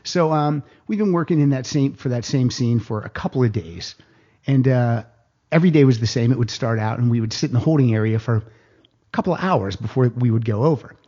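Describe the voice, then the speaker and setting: A man telling a casual anecdote on a podcast, animated, jumping higher in pitch when he quotes people. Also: brisk, dull audio. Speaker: guest storyteller.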